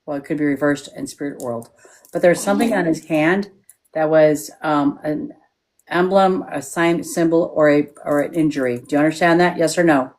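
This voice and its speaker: A woman's voice: sits low, normal speed, a little mellow. A woman working as a psychic medium on a live stream, frank and checking in with yes-or-no questions.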